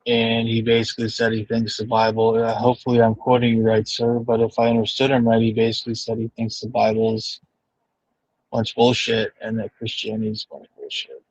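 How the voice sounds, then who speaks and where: A man with a husky, flat voice speaks earnestly and carefully on a live stream. The sound is dull and lo-fi, and his tone stays level as he explains himself. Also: medium pitch. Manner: earnest, apologetic, measured. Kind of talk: casual live stream chat.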